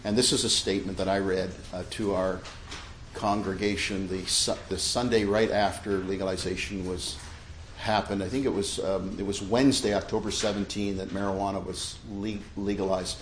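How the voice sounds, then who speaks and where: A pastor man with a fairly low voice addresses a gathering in a roomy, echoing hall. He talks in a chatty way with restarts, and he reads prepared statements in a forceful preaching voice. Faint room ambience sits behind him. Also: level tone, moderate pace, a little hiss or hum. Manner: chatty, with restarts and laughter in the casual part. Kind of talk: church talk and read-aloud statement.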